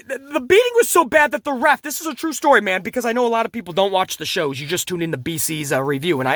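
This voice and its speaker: A man reviewing a wrestling show in casual, profane commentary, animated and laughing at his own jokes. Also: high-pitched, no echo, clean studio sound.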